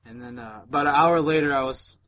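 A young man hosting a podcast, speaking earnestly and haltingly, full of fillers, holding back tears. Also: mid-range voice, a bit bright, a little hiss or hum. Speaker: podcast host. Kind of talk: casual chat.

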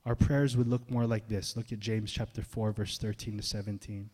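A male pastor preaching a sermon in a casual, conversational way, swinging between loud emphasis and soft, hushed asides. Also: fairly low pitch, level tone, moderate pace, slightly rough. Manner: casual, conversational phrasing with slang.

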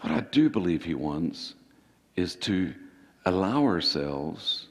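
Low, husky pastor preaching. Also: male voice, sing-song. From Ireland. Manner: preaching with sudden emphatic rises and quick bursts. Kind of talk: sermon. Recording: hall reverb.

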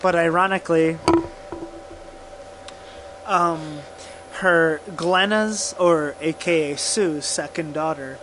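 A man co-hosting a podcast, telling a true crime case in casual profane chat, halting and laughing often. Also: fairly high pitch, fairly bright tone, a little hiss or hum, poor audio. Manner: slow, halting, laughs often, drinking whiskey.

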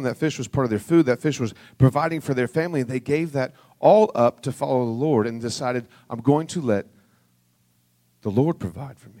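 During his sermon, a pastor reads Bible passages aloud in a sincere, conversational way, sinking into a hushed, low voice whenever the text turns solemn.

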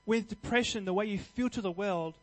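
Male preacher, high voice, earnest and conversational, emphatic at peaks. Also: a little fast, poor audio. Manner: earnest, conversational, with restarts and fillers; builds to louder emphatic passages. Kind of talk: sermon.

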